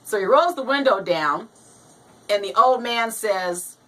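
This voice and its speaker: A woman's voice: medium pitch, expressive, measured pace, a bit bright, far from the mic, poor audio. A woman hosting a casual show, chatting and reading a joke aloud, laughing often and acting out the voices as she reads. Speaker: host.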